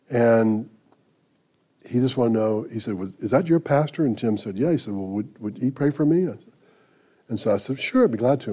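A man preaching a sermon, telling a story in a conversational, halting way with frequent restarts. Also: mid-range voice, mellow, breathy edge. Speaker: pastor.

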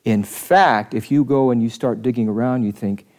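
A man, a pastor, leading an interactive Bible study, animated and questioning the room, shifting his pace. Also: medium pitch, normal speed.

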